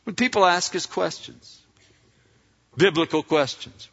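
A man's voice: fairly high pitch, very animated, moderate pace, vocal fry, fairly bright tone, slightly rough. A man preaching a sermon in a loose, conversational way, acting out the lines of the people he talks about. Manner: casual, conversational preaching with slang and quoted dialogue. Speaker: pastor. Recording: dull sound with long hall reverb.

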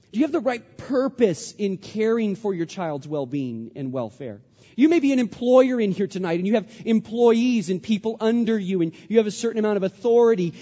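A man in his thirties, a pastor preaching a sermon, animated and then hushed as he tells a story. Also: high-pitched. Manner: animated preaching, drops to a hush for stories. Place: church hall. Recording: dull sound with long hall reverb.

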